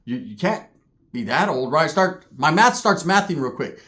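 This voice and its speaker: Man, young adult, storytelling rant, heavy street slang, profane, higher voice, acts out quotes. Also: sing-song, normal speed, sharp tone. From California. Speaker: commentary vlogger.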